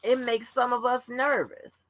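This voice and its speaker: A woman's voice: on the high side, little pitch movement, measured pace, fairly bright tone, no room sound. A woman hosting a livestream open forum, telling stories in a blunt, profane, casual rant. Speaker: livestream host.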